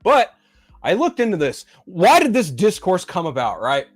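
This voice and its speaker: A man's voice: high voice, wildly swooping pitch, normal speed, breathy edge, soft background music. A man hosting a pop-culture show, ranting in a profane, exasperated and mocking way. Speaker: podcast host.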